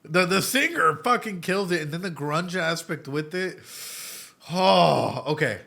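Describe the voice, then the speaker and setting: Excitable, swearing man reacting on stream. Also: fairly high pitch, normal speed, creaky. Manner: excitable and emotional, swears often; thinks aloud with repeated restarts. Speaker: psychologist reacting to anime. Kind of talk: casual stream reaction commentary.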